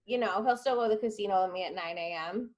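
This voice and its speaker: A woman's voice: mid-range voice, fast talker, darkish tone. A young adult woman from upstate New York, chatting casually with friends in an emphatic, rambling way. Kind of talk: casual chat among friends.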